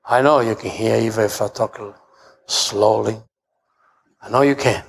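A middle-aged man pastor with an Italian accent, preaching a sermon in broken English and rising to shouts. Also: fairly even intonation, unhurried, vocal fry, a little hiss or hum. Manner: shouts and rises to high pitch when preaching; broken English, storytelling with humor.

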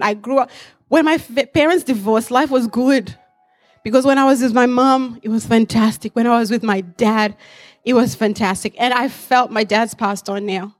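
A woman in her forties, raised in Africa, giving an earnest personal testimony to a church congregation, reflective with light laughs. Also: on the high side.

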